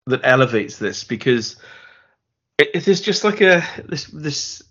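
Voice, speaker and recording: A man's voice: fairly high pitch, lively intonation, a little slow, fairly bright tone, husky, highs cut off. A man co-hosting a film podcast in a casual, rambling way, often repeating words and laughing as he talks. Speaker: podcast co-host.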